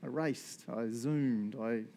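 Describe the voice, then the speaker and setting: A man, preaching a sermon as a lively storyteller who acts out what people said and often checks in with "right?". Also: medium pitch, slow, a little hiss or hum. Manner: animated, acts out quotes, frequent "right?" and "um". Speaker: pastor.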